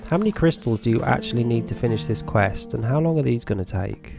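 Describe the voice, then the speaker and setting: Over background music, a chatty man from England with a Norfolk accent talks to viewers while he plays a farming game, poking fun at himself and laughing a lot. His mid-range voice is gravelly, expressive, and fast.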